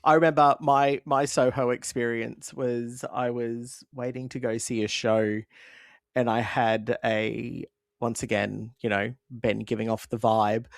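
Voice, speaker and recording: A man's voice: mid-range voice, little pitch movement, unhurried, gravelly, dry recording, studio quality. A man co-hosting a podcast in casual chat, telling self-mocking stories with a playful manner. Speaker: podcast co-host.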